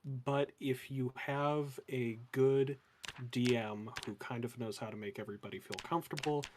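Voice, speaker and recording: A man chatting casually in a flat, monotone voice that can sound sarcastic. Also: mid-range voice, moderate pace, background noise. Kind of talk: casual chat.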